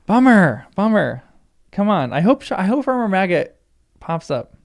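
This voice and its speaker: A man reading a novel for the first time, musing and reacting excitedly between passages. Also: high voice, moderate pace. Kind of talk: casual reaction commentary.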